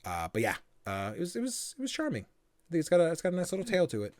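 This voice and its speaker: A man co-hosting a podcast, chatting casually in a rambling way with many fillers and quick acted-out bits of dialogue. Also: a little high, huge pitch swings, a little mellow, no echo, clean studio sound. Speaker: podcast co-host. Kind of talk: casual chat.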